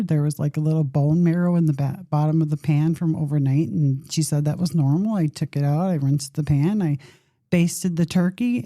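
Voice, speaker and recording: A woman's voice: low-pitched, creaky, mellow, no echo, studio quality. A middle-aged woman hosting a podcast, telling a candid personal story in a rambling, conversational way with some self-deprecating humor. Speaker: podcast host.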